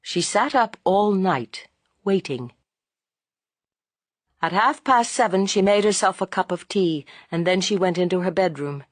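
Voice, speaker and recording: An audiobook narrator, a woman with a medium-pitched voice, reads a classic novel aloud in measured, expressive scripted narration. There is no room sound.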